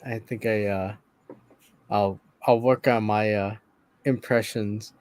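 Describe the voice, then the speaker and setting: A man's voice: fairly low pitch, steady tone, slow pace, darkish tone, dry recording. A man co-hosting a podcast, joking in casual chat and laughing often. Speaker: podcast co-host.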